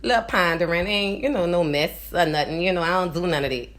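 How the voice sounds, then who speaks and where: Talking fast in a lowish, animated voice, this New Orleans, USA vlogger in her forties has a nasal accent. She rambles casually to viewers, keeps checking in with "you understand?", and moves between loud and quiet.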